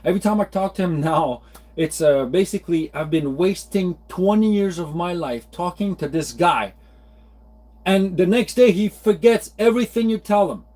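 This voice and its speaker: 40s guy, high voice, rambling, fed-up venting to camera. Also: expressive, moderate pace, a little mellow. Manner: rambling, exasperated, many restarts. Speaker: vlogger. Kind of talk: casual venting monologue.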